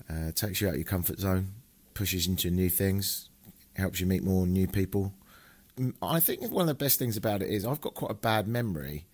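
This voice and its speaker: Chatty, swearing man hosting a travel podcast. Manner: chatty and swearing, with big swings in pitch. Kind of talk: casual travel podcast monologue.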